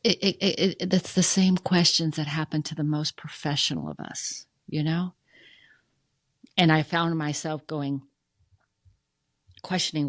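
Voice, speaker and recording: Low-voiced middle-aged woman telling a personal story. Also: a little slow, dry recording, studio quality. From United States. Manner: emotional, animated, acts out quoted dialogue. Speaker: podcast guest, funeral museum president. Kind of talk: candid conversational storytelling.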